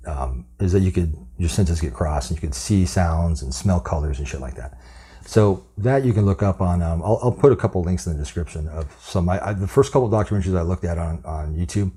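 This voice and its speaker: A man rants in a very low, husky voice, swearing and scoffing as he picks apart a story. His tone is dark and mellow even while he is angry, and he rambles and repeats himself. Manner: profane, scornful, rambling. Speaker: commentary vlogger. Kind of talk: angry commentary rant.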